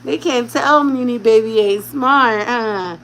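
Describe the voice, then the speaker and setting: A woman's voice: a little high, slow, a bit bright, a little hiss or hum, low-quality recording. A woman at home talking in casual vlog chat while caring for a baby, slipping into doting baby talk as she coaxes an infant to speak. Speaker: vlogger.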